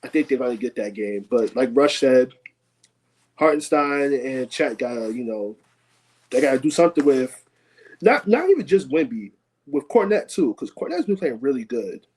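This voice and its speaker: A man co-hosting a casual sports podcast, laid-back, filling pauses with lots of ums. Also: mid-range voice, big pitch swings, darkish tone, breathy edge, rough recording. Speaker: podcast co-host.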